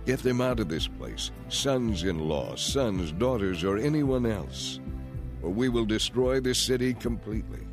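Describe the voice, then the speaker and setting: A man's voice: on the low side, lively intonation, measured pace, over music. A man reading as stern, urgent angels. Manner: urgent, commanding.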